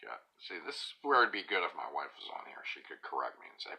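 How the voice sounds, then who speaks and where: A man with a fairly low but very bright, forceful voice, chatting casually on a live stream. His pitch swings widely as he reads viewer comments aloud and pokes fun at himself. Now and then he drops into soft whispered asides. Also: huge pitch swings, moderate pace, gravelly, long pauses, slightly rough. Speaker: live-stream vlogger reading chat.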